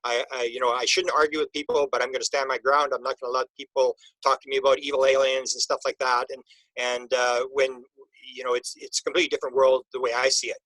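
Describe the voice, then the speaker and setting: Husky-voiced man telling a halting story. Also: medium pitch, level tone, a bit bright, no room sound, rough recording. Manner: halting, with many restarts and repeated words. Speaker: interview guest. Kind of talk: emotional personal storytelling.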